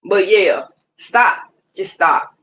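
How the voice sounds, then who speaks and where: A woman's voice: medium pitch, lively intonation, takes it slowly, fairly bright tone. A woman hosting a livestream, ranting casually with heated, profane, repetitive talk. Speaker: livestream host.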